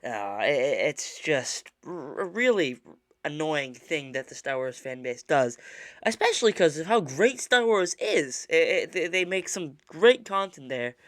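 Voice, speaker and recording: A man's voice: a little high, big pitch swings, unhurried, fairly bright tone, no echo, studio quality. Stammering mock-indignant male podcast host. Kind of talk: casual chat.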